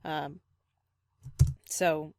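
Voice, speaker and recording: A woman's voice: low voice, fairly even intonation, drawn-out words, slight background noise. A woman dog trainer giving reaction commentary, critical and explanatory, repeating her points firmly.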